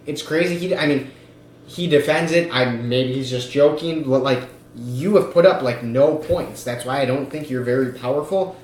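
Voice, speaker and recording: A man's voice: medium pitch, normal speed, darkish tone. Young male podcast host, loose and jokey, ums and likes, recorded in an echoey room. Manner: rambling, filler-heavy, joking. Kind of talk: casual fantasy football chat. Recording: echoey room with faint noise.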